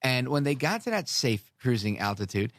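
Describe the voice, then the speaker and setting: On his talk radio show, a man rambles sarcastically and animatedly, wandering off into asides. He speaks at a moderate pace with medium pitch, in clean studio sound without echo.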